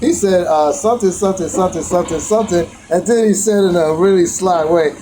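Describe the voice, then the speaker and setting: Outdoors against a noisy background, a man vlogs a meandering, reflective story as part of a daily teaching. His high voice moves a little fast, with frequent restarts and bursts of animation when he retells being challenged.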